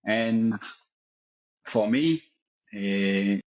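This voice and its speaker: Man doing a low-voiced, crude, boastful footballer with a wobbly French-to-Yorkshire accent, muffled podcast sound. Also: very slow, a little mellow. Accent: put-on French accent slipping into Yorkshire. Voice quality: pompous, crude, self-satisfied bragging. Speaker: podcast co-host doing an impression.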